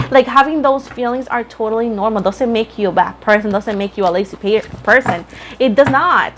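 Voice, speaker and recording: A woman gives a relaxed tarot reading, speaking in a fairly high voice. She is chatty and frank, talks straight to her viewers and calls them pet names. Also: a little fast, noisy background. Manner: chatty, frank, addresses viewers as boo and Libra. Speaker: tarot reader. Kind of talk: casual tarot reading to camera.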